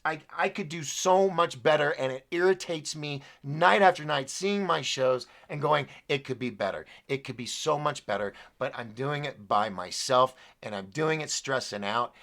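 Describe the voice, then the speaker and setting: A man's voice: fairly high pitch, vocal fry, a bit bright. A man hosting his own live show alone, rambling and apologetic as he vents his frustration to viewers. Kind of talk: solo live-stream talk.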